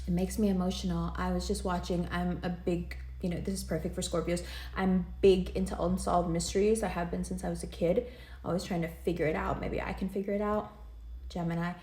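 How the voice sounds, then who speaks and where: A woman's voice: lowish voice, little pitch movement, brisk, mellow, echoey room. A woman giving a casual, earnest tarot reading, emotional and rambling as she talks straight to the listener. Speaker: tarot reader.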